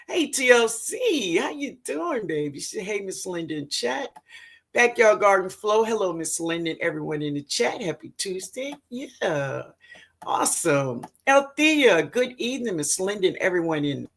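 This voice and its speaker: A woman's voice: medium pitch, moderate pace, slight background noise. A woman hosting a casual livestream, greeting viewers by name and reading their comments aloud, with affectionate pet names and frequent laughter. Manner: affectionate, calls viewers baby and sweetheart; excitable and laughing. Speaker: livestream host, gardener.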